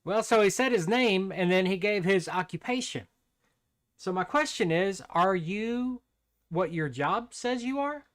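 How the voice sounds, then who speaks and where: An older man giving a casual devotional talk, relaxed and conversational, often restarting his sentences. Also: high-pitched, measured pace. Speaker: Christian devotional speaker.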